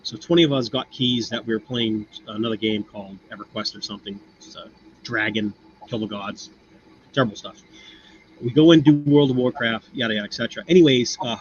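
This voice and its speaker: A man's voice: mid-range voice, lo-fi sound, a little hiss or hum. An American man chatting casually and telling a rambling story full of fillers. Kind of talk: casual chat.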